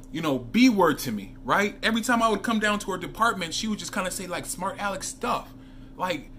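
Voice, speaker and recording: A man's voice: a little high, slight background noise. A man chatting casually in a vlog, telling stories and talking to viewers as he reviews fragrances. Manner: chatty, animated storytelling with asides to viewers.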